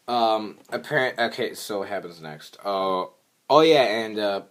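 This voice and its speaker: A man's voice: expressive, slow pace, fairly bright tone. A young man, a regular vlogger, recapping a cartoon episode in a rambling, filler-heavy way. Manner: rambling, filler-heavy, squeaky voices for quotes.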